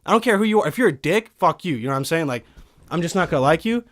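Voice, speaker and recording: A man's voice: a little high, expressive, very fast, a bit bright. A man of twenty-one telling a rambling, profane story in casual podcast chat, heated and swearing often. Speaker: podcast guest. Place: recording studio.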